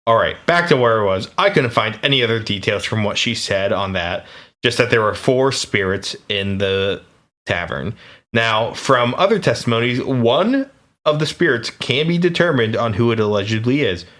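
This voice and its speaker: An American man co-hosts a podcast, his mid-range voice animated and a bit bright at a normal speed. In casual chat, he reads from paranormal research, recounting ghost reports in a laid-back, jokey way with hesitant restarts.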